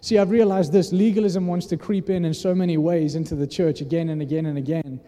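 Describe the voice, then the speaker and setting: A man's voice: a little high, fairly even intonation, brisk, warm tone. A man preaching a sermon in an earnest, conversational way, often restarting his sentences. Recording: long hall reverb.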